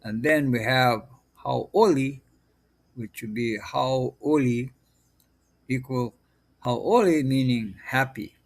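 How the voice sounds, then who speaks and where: A man teaching a language lesson, patiently sounding out syllables one by one. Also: medium pitch. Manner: drills sounds one by one, deliberate. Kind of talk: slow patient pronunciation lesson.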